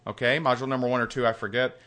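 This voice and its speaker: Brief: a pumped-up male course instructor, bright and forceful, emphatic and repetitive. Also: medium pitch, flat delivery, racing. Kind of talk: recorded course lesson.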